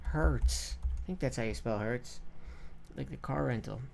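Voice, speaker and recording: A man's voice: mid-range voice, measured pace, vocal fry, darkish tone, slight background noise. A man teaching music production in a loose, casual way, with crude slang and many fillers. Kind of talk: casual tutorial.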